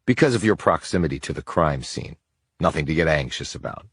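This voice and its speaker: A man voicing a blunt male FBI investigator, in a whispered role-play audiobook reading, calm and flat. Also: extremely low pitch, brisk, husky, dry recording, studio quality, exaggerated voice.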